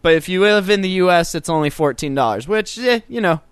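Smooth-voiced joking man, casual chat. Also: high voice, animated, fairly quick, no echo. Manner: joking, rambling, crude humor. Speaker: podcast co-host.

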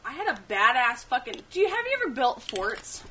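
Woman, excitable chatter, high animated voice, crowd noise behind. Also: brisk. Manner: excitable, gushing. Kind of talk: casual chat.

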